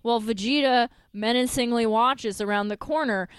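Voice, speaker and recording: A woman's voice: a little high, normal speed, clear, resonant tone, no echo, clean studio sound. A woman hosting a podcast, recapping an episode in casual chat, laughing often and swearing freely. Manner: animated, laughing, swears freely, acts out quotes.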